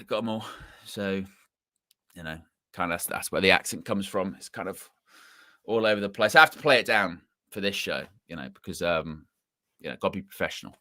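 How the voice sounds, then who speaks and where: Football stream host, english guy, mixed accent, lowish voice but bright and punchy, really dry close sound, keeps restarting his sentences. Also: normal speed, no room sound. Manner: rambling, self-correcting, repeats words. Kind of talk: casual live-stream chat.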